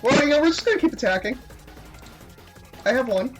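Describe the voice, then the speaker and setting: Woman reading a dating game out loud, jokey asides, lots of giggles, soft music in the background. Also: high voice, lively intonation, fairly quick, rough recording. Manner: giggly, reads game text aloud with playful asides. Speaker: gamer reading a dating sim aloud. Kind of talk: casual gameplay commentary.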